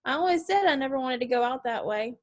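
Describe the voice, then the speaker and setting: A woman's voice: high voice, lively intonation, quick pace. Woman doing a bubbly Southern girl. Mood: chatty. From New Orleans, US South. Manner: giggly, endlessly chattering, overly polite. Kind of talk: stage play acting.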